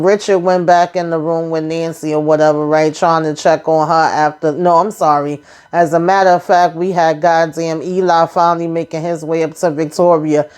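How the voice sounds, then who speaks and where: Woman recap host, casual, slightly low voice, animated, blunt and profane, acts out scenes. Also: clean tone.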